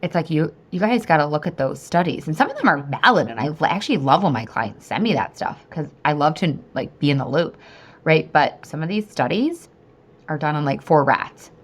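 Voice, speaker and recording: Brief: thirties woman, podcast host and coach, casual monologue, lowish voice, chatty, swears freely. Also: brisk. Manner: chatty and animated, swears freely, laughs often.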